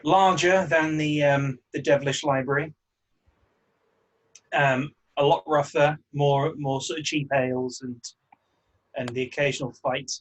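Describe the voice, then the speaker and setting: A man narrating as game master of a tabletop game, relaxed and hesitant with many fillers. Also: a little high, measured pace, low-quality recording.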